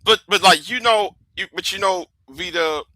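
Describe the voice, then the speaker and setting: A man hosts a casual livestream in a high, pushed, bright voice at normal speed, and the recording is rough. He talks in a stop-start way, repeating words and catchphrases.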